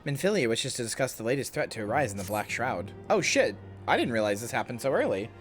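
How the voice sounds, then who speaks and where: A woman streamer talking casually over her game, laid-back and chatty with the odd curse word. Her voice swings through an animated pitch range, and faint game music plays under her. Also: quick pace. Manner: relaxed, chatty, swears casually. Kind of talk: casual gameplay chat.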